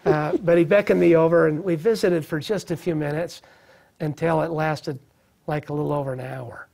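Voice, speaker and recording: Earnest man, thirties, slightly raised pitch, gravelly and husky, telling his recovery story in an interview. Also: steady tone, normal speed, darkish tone. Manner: earnest, reflective, with restarts. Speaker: guest sharing recovery story. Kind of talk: personal testimony in interview.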